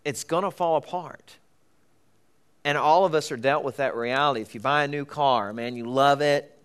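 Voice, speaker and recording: A man's voice: mid-range voice, moderate pace, a bit bright, smooth. Middle-aged male preacher, casual storytelling sermon. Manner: conversational storytelling with laughs and acted-out voices.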